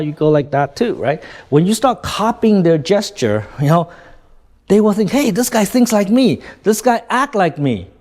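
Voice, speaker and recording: A man's voice: high voice, darkish tone. A man teaching sales communication in a casual, plain-spoken way, constantly checking in with "right?" as he demonstrates gestures.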